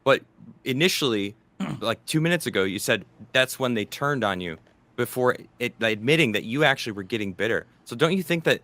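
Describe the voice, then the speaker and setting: Interviewer, male, bright clear tone, dry room, probing and blunt. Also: medium pitch, lively intonation, brisk, no echo. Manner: pointed, pushes back with repeated restarts.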